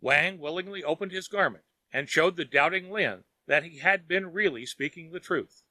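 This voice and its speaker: Bright-voiced male storybook narrator. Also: fairly high pitch, no room sound. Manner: storytelling, measured. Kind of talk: children's audiobook narration.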